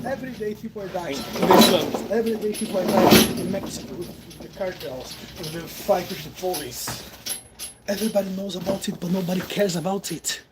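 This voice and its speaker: A man with a Brazilian Portuguese accent speaks his mind in a vlog monologue. He makes his points emphatically, asking questions and then answering them himself. Loud background noise and clicks sit under his voice throughout. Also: sits high, a little fast. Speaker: vlogger. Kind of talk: opinion monologue to camera.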